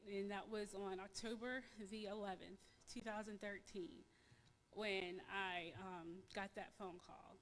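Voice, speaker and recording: A woman giving a personal testimony in church, halting and emotional, repeating words with many fillers. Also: medium pitch, a bit bright, big-room sound. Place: church sanctuary.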